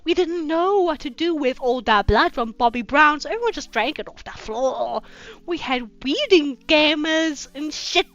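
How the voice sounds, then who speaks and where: Sarcastic high-voiced woman reading fanfic. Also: expressive, normal speed, a bit bright. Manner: sarcastic, swears freely, mocking asides. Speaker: channel host reading fanfiction. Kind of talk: reading fanfiction aloud with commentary. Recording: dull lo-fi with faint music.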